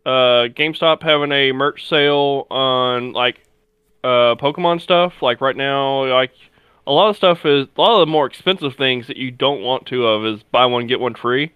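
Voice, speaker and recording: A man's voice: medium pitch, moderate pace, smooth, no echo, phone-quality sound. A man chatting casually on a podcast panel, hesitant and full of fillers. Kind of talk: casual chat.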